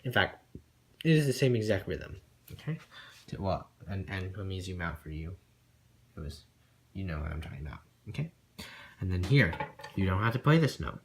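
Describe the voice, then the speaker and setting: A man's voice: low voice, very animated, normal speed, pauses often, a little hiss or hum. A man teaching a cello piece, singing the rhythms aloud as "da, da" and often checking in with "okay?", with casual apologetic asides. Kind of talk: music lesson walkthrough.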